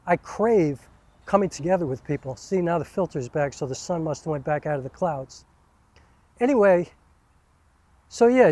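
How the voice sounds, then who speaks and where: A man's voice: sits high, a little mellow. A man rambling casually in a vlog, filling his talk with "you know" and "like.". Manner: rambling, chatty, fills every pause with "you know". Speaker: YouTube vlogger. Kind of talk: casual talking-head vlog.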